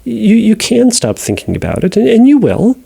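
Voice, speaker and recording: A man hosting a podcast, answering a listener's question in a casual, animated monologue, often acting out an inner voice. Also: high-pitched, normal speed, gravelly, slightly rough. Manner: animated, talks through examples in acted inner voices, restarts often.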